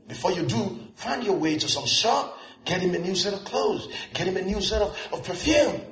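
A man preaching a lively sermon, laughing often and acting out the people he quotes. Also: high voice, normal speed. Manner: animated, laughing, acts out quoted voices. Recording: echoey hall.

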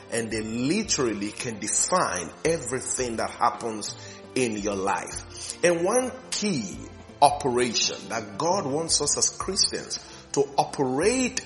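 A male pastor preaching slowly and emphatically, repeating phrases with rising fervor. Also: medium pitch, fairly bright tone. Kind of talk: sermon.

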